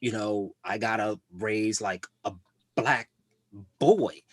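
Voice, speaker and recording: A man's voice: fairly low pitch, takes it slowly, no echo. Man, stand-up set, rambling fillers, dry mic. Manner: laid-back, rambling delivery with many fillers. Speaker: stand-up comedian.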